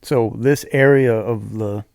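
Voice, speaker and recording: Man in his forties, podcast co-host, casual profane storytelling, middle pitch, dry close sound. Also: steady tone, slow pace, vocal fry, darkish tone, no room sound. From southeastern Massachusetts. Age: 40s. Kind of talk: casual chat.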